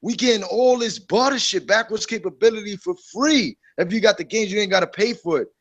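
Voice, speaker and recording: Man, high voice, casual gaming chat, animated. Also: brisk, muffled recording. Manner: animated, preachy, mocks others in a put-on voice. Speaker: co-host.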